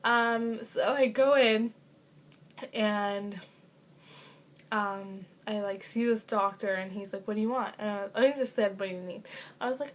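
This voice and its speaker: A woman's voice: mid-range voice, a little slow, slight background noise. A young woman telling a casual storytime vlog, chatty with lots of fillers and sarcastic asides, coughing now and then. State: occasional cough. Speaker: vlogger.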